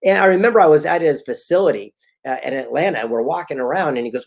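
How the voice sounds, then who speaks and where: A middle-aged man giving an animated motivational talk, telling stories and acting out quoted dialogue. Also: a little high, fast, gravelly. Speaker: motivational speaker.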